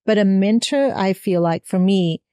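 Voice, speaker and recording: A woman's voice: mid-range voice, normal speed, mellow, clear, resonant tone, dry recording, clean studio sound. An American woman guest, a music coach, speaking earnestly and emphatically in casual interview chat. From United States.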